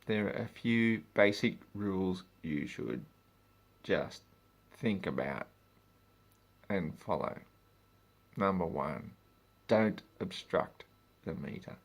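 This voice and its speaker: A man's voice: fairly low pitch, gravelly. A man, ranting in a vlog about his work as a meter reader, swearing and exasperated.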